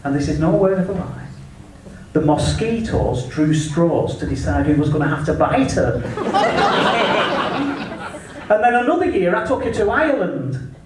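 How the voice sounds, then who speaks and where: A man with an English accent delivers a cheeky, crude stand-up set at an unhurried pace. His fairly high voice leaps up and down to sell each punchline. He is heard from slightly off mic in a very echoey live room with faint noise behind. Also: big pitch swings, distant mic. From England. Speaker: stand-up comedian. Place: live comedy venue.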